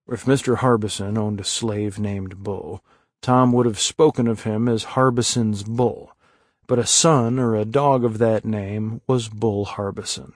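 A man reading a story aloud as narrator, slow and measured. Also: on the low side, fairly even intonation, dry recording, studio quality. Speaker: audiobook narrator. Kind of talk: scripted narration.

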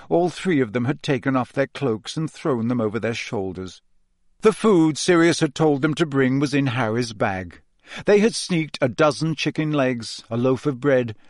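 A man's voice: medium pitch, no room sound, clean studio sound. A man reading a novel aloud as an audiobook narrator, telling the story steadily and voicing the characters' quoted lines himself.

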